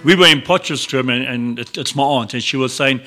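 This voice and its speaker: Man, radio devotional, bright forceful voice, earnest and chatty. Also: medium pitch, brisk, faint music behind. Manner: earnest, conversational, with frequent restarts and asides. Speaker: radio presenter.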